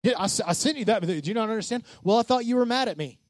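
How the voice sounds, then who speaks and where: High-voiced pastor, animated preaching. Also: male voice, rapid-fire, no room sound. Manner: animated, acts out quoted voices, casual preaching. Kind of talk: sermon.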